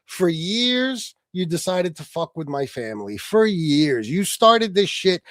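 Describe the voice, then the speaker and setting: A man hosts a livestream and argues with heated, profane mockery. His voice sits a bit high and leaps around a lot. The sound is dry and close. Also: big pitch swings, measured pace, dry recording. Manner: profane, mocking, shouting at times. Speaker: livestream host.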